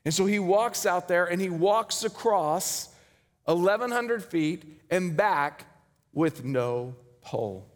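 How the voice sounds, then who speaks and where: A male pastor preaching a sermon, telling a story with dramatic swings between loud and hushed delivery. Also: sits high, animated, slow pace. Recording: hall reverb.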